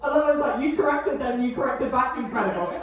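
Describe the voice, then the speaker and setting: Animated and quick, with a high voice, this Essex-accented comedian from England teases her club audience during crowd work. Laughter rises in the background, and she's picked up from afar in a room full of echo.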